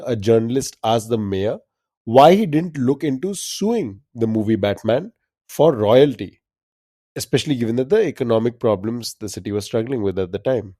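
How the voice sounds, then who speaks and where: Man, casual trivia chat, laughs often, mellow, dry. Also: mid-range voice, no room sound. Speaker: podcast co-host.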